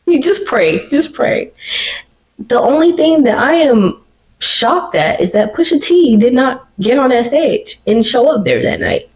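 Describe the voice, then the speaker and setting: A woman hosting her own podcast, talking alone in an animated, emotional and slangy way. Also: a little high, measured pace, poor audio. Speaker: podcast host. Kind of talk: casual solo commentary. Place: living room.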